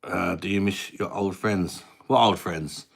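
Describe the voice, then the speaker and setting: A man's voice: deep voice, fairly even intonation, a little slow, gravelly. A man in his thirties from England, hosting a casual live stream at his mum's house and chatting back to viewer comments in a matey way. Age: 30s. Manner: chatty, matey, reads viewer names aloud. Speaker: livestream host.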